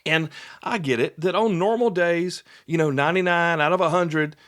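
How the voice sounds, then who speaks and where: Guy teaching on a podcast, folksy and chatty, voice a bit on the high side, says things twice. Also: normal speed, fairly bright tone. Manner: folksy, repeats points, acts out little dialogues. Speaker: podcast host and instructor. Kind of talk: conversational instructional podcast.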